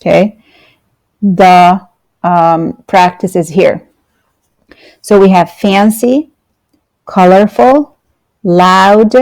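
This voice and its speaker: A woman teacher walks learners through an online grammar lesson. She speaks at an unhurried pace in a mid-pitched voice, pausing with fillers and saying words twice. The sound is dry and close, from a computer mic. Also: darkish tone, dry recording. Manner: patient, explains slowly with fillers and repetition. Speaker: English teacher.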